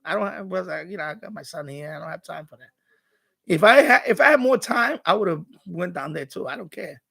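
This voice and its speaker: A man's voice: high-pitched, animated, fairly quick, gravelly, pushed and bright, husky. A man hosting a live stream, ranting in casual commentary with rambling, repetitive, streetwise talk, acting out quoted exchanges.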